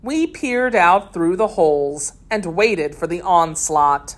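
Woman narrator for a kids' adventure read-aloud; slow, steady, expressive. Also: fairly low pitch. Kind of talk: reading a children's story aloud.

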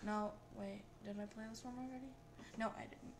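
A young woman reacting excitedly and repeating herself as she plays a game and talks through it. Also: medium pitch, brisk, creaky, noisy background. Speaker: gameplay video host.

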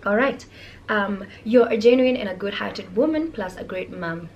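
Young kenyan woman, calm soft voice, casual vlog chat. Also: mid-range voice, moderate pace, lo-fi sound, a little hiss or hum. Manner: calm, soft-spoken, reads viewer comments aloud and replies. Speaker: vlogger.

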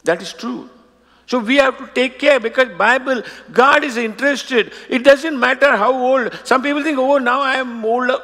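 A man preaching a sermon as pastor, emphatic and building to shouted declarations, acting out quoted voices. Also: very high-pitched, moderate pace, long reverb tail. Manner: acts out quoted voices and scripture.

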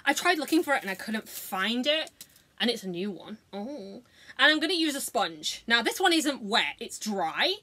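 A woman's voice: fairly high pitch, very animated, moderate pace, bright, forceful tone. A woman, chatting casually through a makeup tutorial, sweary, giggly and self-mocking. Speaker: beauty vlogger.

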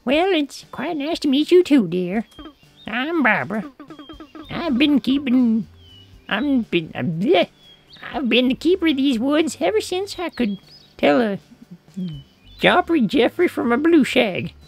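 A streamer voicing a genteel old woman who keeps the woods in a video game, in a high, fluttery old-lady voice. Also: sing-song, a little slow, gravelly, long pauses, soft background music, full character voice. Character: chirpy old woman forest keeper. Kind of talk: reading game dialogue aloud.

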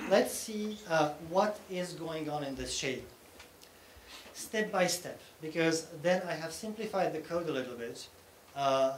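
A man giving a technical conference talk, explaining things step by step and often checking in with the audience. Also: fairly high pitch. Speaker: conference speaker. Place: conference hall. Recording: echoey hall with faint room noise.

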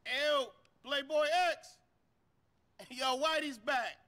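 A man's voice: very high voice, drawn-out words, bright, forceful tone, exaggerated voice. An actor playing a cocky young male gang boss who taunts in heavy street slang in a game cutscene. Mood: mocking.

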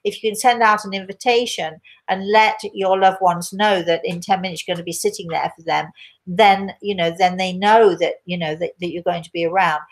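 An older woman with an English accent, a spiritual medium answering viewer questions in a gentle, rambling way with many restarts. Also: on the low side, fairly even intonation, a little fast. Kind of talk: live Q&A chat.

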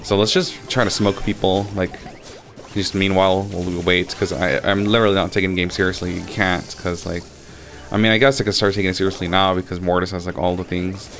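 A young man giving casual gameplay commentary, swearing freely and getting loudly frustrated. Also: low voice, level tone, fairly quick, faint music behind. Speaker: gaming channel host.

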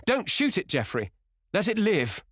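A man voicing a sensitive, brooding young gentleman who speaks in a subdued, anxious way, in an audiobook reading. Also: sits low, brisk, no echo, clean studio sound, close to an everyday voice. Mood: pleading.

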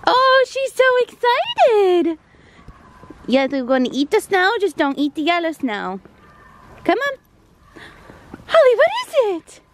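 A young woman vlogging casually at home, bubbly, often switching to high baby talk with her dogs. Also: wildly swooping pitch, normal speed, pauses often, slight background noise. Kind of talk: casual vlog chat. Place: home, indoors and out in the snow.

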